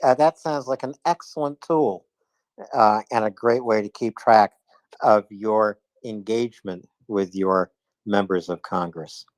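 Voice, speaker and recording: A man hosting a live audio chat, pausing often with "uh" and making dry jokes. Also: fairly low pitch, no echo. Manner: hesitant with many uhs, dry jokes. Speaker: host. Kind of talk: casual chat.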